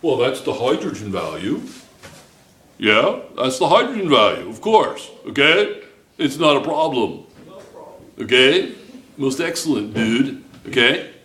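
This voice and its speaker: A man's voice: medium pitch, very animated, unhurried, long pauses, pushed and bright. A male chemistry teacher lecturing a class, chatty and joking, checking in with his students all the time. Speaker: high school chemistry teacher. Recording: echoey classroom.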